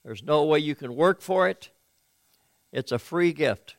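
A male pastor delivering a sermon, reading scripture aloud and explaining it in an earnest, measured way with occasional hesitant fillers. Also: a little high, lively intonation, no room sound.

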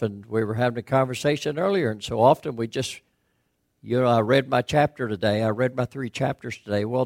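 A man's voice: mid-range voice, gravelly, a little mellow, no echo, studio quality. A middle-aged man preaching a sermon as a pastor, questioning his listeners earnestly and building to emphatic peaks.

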